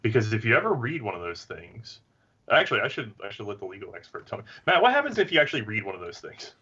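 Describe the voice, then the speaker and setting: A man's voice: fairly low pitch, wildly swooping pitch, fast talker, bright, forceful tone, breathy edge, highs cut off. A man talking as a podcast guest, thoughtful and hedging, working his point out carefully. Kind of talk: casual podcast discussion.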